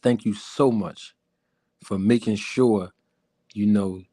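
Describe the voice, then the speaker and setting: Suave slow-talking lover-man crooner, as a streamer puts him on, low and hushed. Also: fairly even intonation, no echo. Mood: smooth, courtly. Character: smooth-talking male crooner charming the ladies. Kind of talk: live stream chat.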